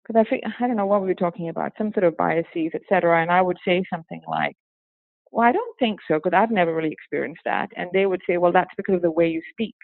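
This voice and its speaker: A woman's voice: fairly low pitch, fast, vocal fry, dry recording. Woman with a hybrid British-tinged accent on a tinny line. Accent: hybrid with a hint of British. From Singapore. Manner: animated, laughs often, breaks into acted quotes. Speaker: interview guest, former teacher. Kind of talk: casual interview conversation. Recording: tinny phone-like line, dry.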